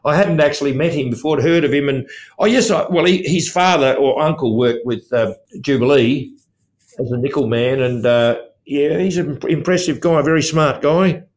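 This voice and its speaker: A man's voice: on the high side, moderate pace. An older man, chairman of a mining company, talking as an interview guest in a loose, rambling way. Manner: rambling, restarts often.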